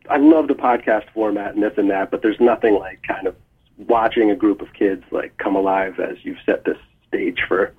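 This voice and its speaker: A man as a guest musician in a phone interview, talking in a relaxed, thoughtful way with many fillers. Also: fairly low pitch, breathy edge. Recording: tinny phone line.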